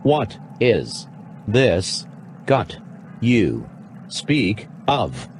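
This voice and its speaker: An actor playing a male robot actor who talks in a slow, halting robotic manner. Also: on the low side, very animated, a little hiss or hum, full character voice. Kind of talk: audio drama acting.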